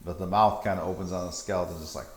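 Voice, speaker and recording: A man's voice: sits low, steady tone, racing, background noise. Casual roomy game master, man. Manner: casual, hedging with "like" and "kinda". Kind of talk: narrating a tabletop game. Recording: echoey room.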